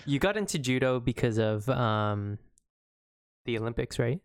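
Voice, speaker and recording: Co-host, casual chat, mid pitch, curious questions, hesitant restarts, dry close sound. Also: expressive, moderate pace, clean tone, no echo.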